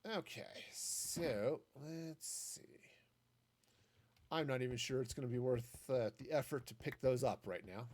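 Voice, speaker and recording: A man's voice: medium pitch, brisk, hardly any pauses, darkish tone. A man streaming a game, chatting casually and thinking aloud with many restarts. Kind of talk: casual commentary while gaming.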